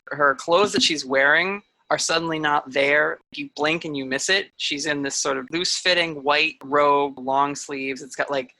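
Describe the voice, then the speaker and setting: A woman's voice: deep voice, bright, forceful tone, dry recording, low-quality recording. A woman narrating as game master of a tabletop role-playing game, loose and full of fillers.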